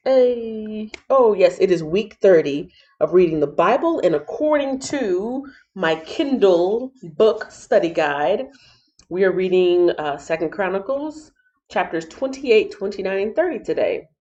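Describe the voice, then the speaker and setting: A woman's voice: lowish voice, big pitch swings, measured pace, dark tone. A woman from Texas hosting a casual live-stream Bible reading, chatty and playful as she greets her viewers. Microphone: laptop mic. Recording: dull lo-fi laptop audio.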